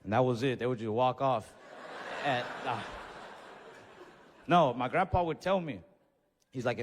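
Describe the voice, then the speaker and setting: Animated comedian on a reverberant stage. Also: male voice, mid-range voice, unhurried, long pauses, slight background noise. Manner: animated, acts out voices and yells in his stories. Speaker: stand-up comedian. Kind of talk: stand-up storytelling. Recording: stage mic in a reverberant venue.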